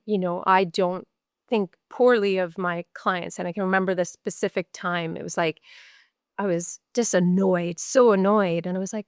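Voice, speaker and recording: A woman's voice: medium pitch, clean tone, no room sound, studio quality. A middle-aged woman from Canada, a mental health nurse, talking candidly in an interview and repeating words for emphasis. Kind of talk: podcast interview storytelling.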